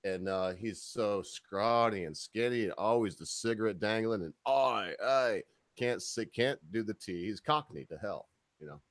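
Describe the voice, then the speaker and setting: A man's voice: lowish voice, measured pace, no room sound, clean studio sound. A man co-hosting a casual podcast, bantering in a crude, mocking, joking way. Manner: profane, mocking, jokey.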